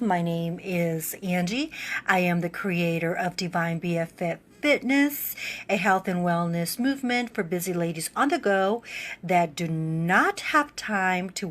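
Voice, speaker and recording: A woman who runs a fitness business, speaking in a heartfelt, emotional way straight to her livestream viewers. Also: mid-range voice.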